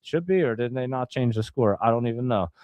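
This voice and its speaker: A man hosting a stream, giving casual live play-by-play commentary in a chatty, excitable way and talking straight to his viewers. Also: medium pitch, fairly quick, dry recording. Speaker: stream host.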